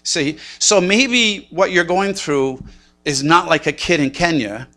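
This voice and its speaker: A man's voice: on the high side, slow pace, pushed and bright. A man in his sixties preaching a sermon, telling a personal story with self-mocking humor and acted-out inner thoughts. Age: 60s. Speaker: pastor.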